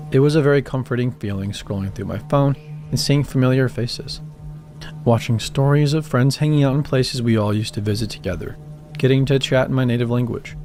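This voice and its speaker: A man calmly reading first-person horror stories as a scripted narration, with music behind him. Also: mid-range voice. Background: background music.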